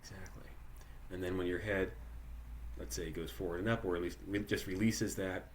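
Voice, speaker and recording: A man with a very low voice leads a live workshop, thinking aloud with restarts and checking in with the group. A faint hiss sits under the recording. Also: fairly even intonation, moderate pace. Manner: conversational, many restarts and "like", asks participants questions. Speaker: workshop leader. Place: online live workshop, video call.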